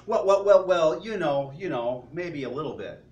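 A man's voice: fairly high pitch, expressive, moderate pace, a little mellow, muffled recording, natural voice. A man voicing a whiny, self-pitying middle-aged woman who owns a restaurant and stammers out excuses. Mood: flustered. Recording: roomy, distant church sound.

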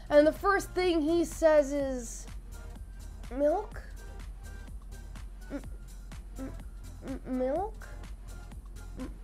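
A young woman with a notably high voice tells a story in a casual, animated way. She giggles easily and races through the details. Faint music runs underneath. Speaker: vlogger.

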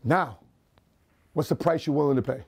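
High, mellow-voiced motivational man. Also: normal speed, breathy edge. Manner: energetic, fires off rhetorical questions. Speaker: entrepreneur and motivational speaker. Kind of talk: motivational talk to camera.

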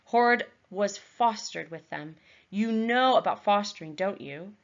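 A woman's voice: medium pitch, expressive, unhurried, dull audio. A woman reading aloud, voicing a guarded, scornful young clan girl.

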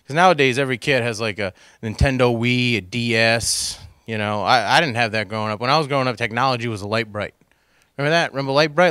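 A man's voice: mid-range voice, sharp tone, clean tone, no room sound, clean studio sound. A man doing a stand-up comedy routine on a cable access stage, talking into a handheld mic with rambling, self-deprecating asides to the crowd. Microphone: handheld microphone.

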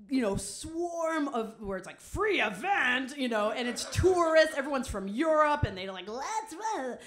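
A woman's voice: fairly high pitch, fairly bright tone. A young woman telling a comic personal story on stage, chatty and self-mocking, with many "like"s. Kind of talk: live comedic storytelling.

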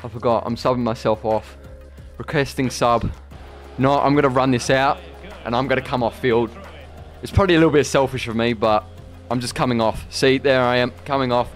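A young man commentating his own football video game play, excitable and boastful, shouting when he scores. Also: medium pitch, brisk, faint music behind. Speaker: gaming YouTuber. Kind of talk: live gameplay commentary.

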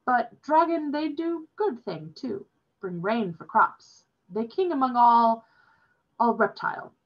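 A woman reading aloud voices an earnest young boy who struggles for words in broken English, halting but insistent. The voice is pitched a bit higher and is husky and breathy. The audio is dull and lo-fi. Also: animated, exaggerated voice. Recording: dull lo-fi recording.

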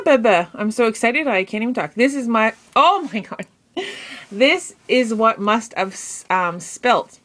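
A woman with a slightly high voice, gushing and excitable as she talks casually to her viewers. Her speech is loose and chatty, full of "um" and "like" as she reacts. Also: rough recording. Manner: gushing, excitable, many fillers. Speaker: craft vlogger; mother. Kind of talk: casual unboxing chat.

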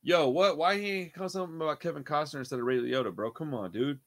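A man hosting a music reaction channel, talking casually in a profane, excitable, slangy way. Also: fairly high pitch, quick pace, no room sound.

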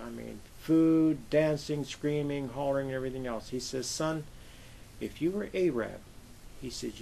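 An older man from Pennsylvania, a Navy veteran, telling lively anecdotes in an oral history interview and acting out the voices he quotes. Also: medium pitch, gravelly, slight background noise, poor audio. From Pennsylvania, USA.

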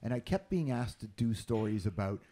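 A man's voice: lowish voice, expressive, normal speed, mellow. A man from Canada, a journalist and radio host, chatting candidly and casually, swearing now and then. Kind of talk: casual podcast chat.

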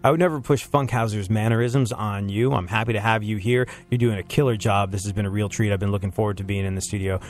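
A man's voice: lowish voice, steady tone, fast talker, hardly any pauses, faint music behind. A man hosting a casual comedy podcast, rambling through stories with frequent laughs and restarts. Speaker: podcast host.

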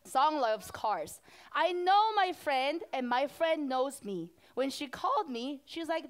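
High-voiced woman pastor talking to kids. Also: a little slow. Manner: animated, asks the children questions. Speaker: children's pastor. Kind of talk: children's sermon.

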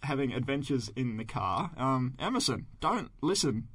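A man's voice: mid-range voice, moderate pace, a crowd in the background. A man co-hosting a podcast, chatting casually and acting out his own reactions as he tells stories. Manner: animated storyteller, acts out his own reactions. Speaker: podcast co-host.

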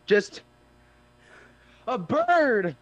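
A man's voice: extremely high pitch, big pitch swings, very slow, dry recording, dull audio. A young man playing a VR game with a friend, joking around and teasing. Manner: joking, teasing, jokey mock-nature commentary. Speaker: co-player. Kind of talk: casual gameplay chat.

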